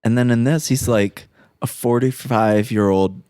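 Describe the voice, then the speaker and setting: A man's voice: medium pitch, steady tone, a little slow, dark tone, clean tone, no echo, clean studio sound. A man co-hosting a podcast, chatting casually about a movie in a loose way, swearing and saying "like" a lot. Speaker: podcast co-host.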